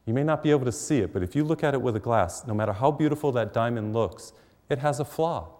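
A man's voice: medium pitch, lively intonation, quick pace, darkish tone. A middle-aged man preaching a sermon, telling stories in a conversational, humorous way. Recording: long hall reverb.

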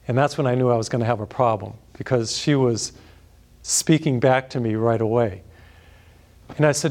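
A man's voice: medium pitch, normal speed, pauses often, darkish tone. Man preaching a chatty story sermon. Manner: conversational, chuckling storyteller. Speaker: priest.

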